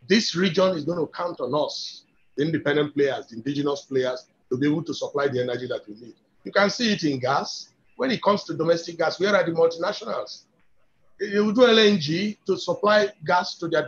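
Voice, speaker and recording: A man with a Nigerian accent speaking as an industry guest on a webinar, making his points emphatically and persuasively and often repeating words as he builds an argument. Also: on the high side. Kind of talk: webinar talk. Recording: dull lo-fi webinar audio.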